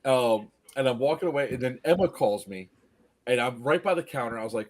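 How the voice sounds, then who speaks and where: In a fairly quick, mid-range voice, a man shares a story during relaxed conversation. He tells it with gusto, animatedly impersonating the people involved.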